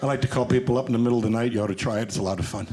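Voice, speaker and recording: A man performing a stand-up comedy set on a club stage with a punchy, animated delivery, acting out bits of dialogue into a handheld mic over loud audience laughter. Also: medium pitch, very fast, heavy background noise.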